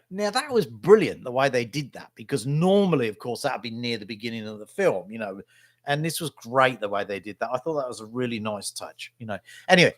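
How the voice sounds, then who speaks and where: Middle-aged bloke, mid-range voice, dry close sound, rambling and opinionated vlog chat. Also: male voice, medium pitch, dry recording. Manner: opinionated, chatty, keeps tagging "right?". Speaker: vlogger and local newspaper photographer. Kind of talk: casual rambling monologue.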